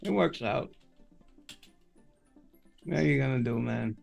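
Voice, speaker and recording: A man's voice: medium pitch, animated, unhurried, gravelly, darkish tone, faint music behind. A man hosting a podcast, chatting casually as a rambling, profane storyteller. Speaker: podcast host. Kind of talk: casual chat.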